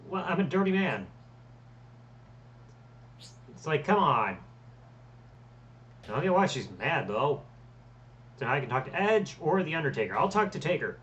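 A man hosting a let's play, commenting on his match with loud, swearing reactions. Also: on the high side, big pitch swings, normal speed, pauses often, recorded from a distance. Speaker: gaming channel host.

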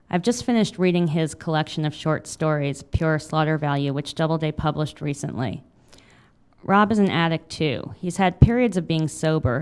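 A woman in her thirties reads her own confessional memoir in a low, smooth, clear voice. Her delivery is wry and confessional. When unscripted she turns halting and full of fillers. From United States. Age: 30s. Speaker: author. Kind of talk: memoir reading, then audience Q&A.

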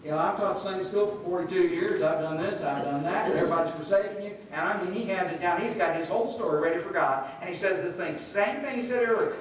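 A middle-aged man preaches with a fairly high voice, retelling the story and slipping into quoted voices. He is heard from a distance, and the sound rings around a large, very echoey hall with a faint hiss underneath. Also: quick pace, hardly any pauses. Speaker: pastor. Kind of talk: sermon. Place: church sanctuary.

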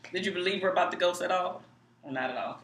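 A woman host talks in a casual chat, asking follow-up questions to be sure she has understood. Her voice is bright but fairly low. The room has a noticeable echo. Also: fast talker. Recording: echoey room.

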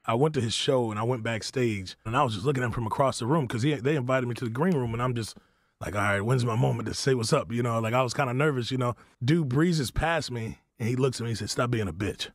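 Gravelly, husky man telling a lively story. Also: quick pace, no echo, clean studio sound. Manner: acts out quoted lines with lively jumps in pitch. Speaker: comedian telling an anecdote in an interview clip. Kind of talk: animated storytelling.

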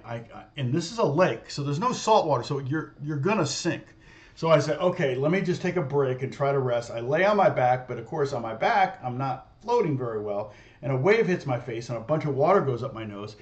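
Man, casual storytelling, rambling, lots of fillers and restarts, mid-pitched voice, slightly muffled audio. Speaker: guitar teacher.

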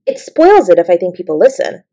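A woman's voice: fairly low pitch, very animated, fairly quick, mellow. A woman reading as a clever dreamy little girl. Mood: lively. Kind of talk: storybook reading.

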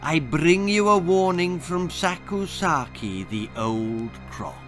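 A man voicing a tiny magical duck that speaks in a soft, watery, hissing voice and delivers grave warnings. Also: on the high side, expressive, slow pace, faint music behind. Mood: ominous.

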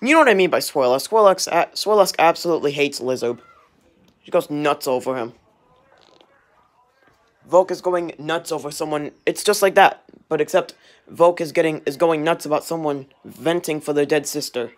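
A man's voice: a little high, normal speed. A young man ranting in a casual vlog while doing dishes in his home kitchen, angry and rambling, swearing often, recorded on a handheld camera as he walks around. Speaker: vlogger. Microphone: handheld camera, walking around.

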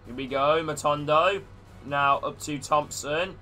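A man calls a football video game play by play, his voice bright and a little high. He chats with viewers between moves while faint music plays behind him. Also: fairly even intonation, a little slow. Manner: commentating play-by-play, greeting chat viewers. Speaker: gaming streamer. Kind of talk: live-streamed video game commentary.

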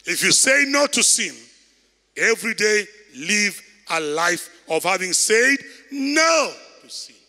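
A man with a Kenyan accent, a bishop preaching a loud sermon and calling out to the congregation in a large church. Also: sits high, sing-song, takes it slowly. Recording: echoey church hall.

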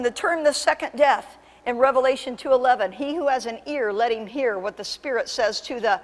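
A woman pastor preaching a sermon with impassioned, emphatic delivery that surges to loud peaks. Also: on the high side, fairly quick, hardly any pauses, big-room sound. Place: church sanctuary.

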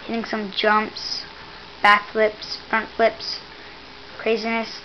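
A woman giving casual gameplay commentary, excitable and teasing, exclaiming again and again and mock-scolding the player. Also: a little high, takes it slowly, highs cut off, a little hiss or hum.

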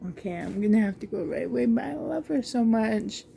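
Female vlogger, higher-pitched, mellow, gushing delight, slight cough, faint music under. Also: expressive. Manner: gushing, breathy with delight, slow. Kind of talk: casual unboxing vlog.

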